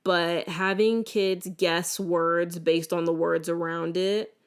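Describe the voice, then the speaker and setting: A young adult woman hosting a casual solo podcast, telling animated stories with lots of restarts. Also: lowish voice, takes it slowly, clear, resonant tone. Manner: animated, chatty storytelling with many restarts. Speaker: podcast host.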